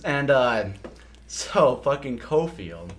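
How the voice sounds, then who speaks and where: Speaking slowly in a sing-song, mid-range voice, this young podcast host from South Dakota chats casually and tells meandering, profane stories, breaking into laughter mid-tale. There's a little background noise.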